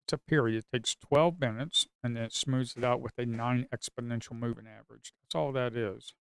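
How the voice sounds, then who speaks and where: A man giving casual live commentary on a slow market as a day trader, grumbling and talking to his viewers as folks, with sudden excited outbursts. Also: medium pitch, creaky, clean tone.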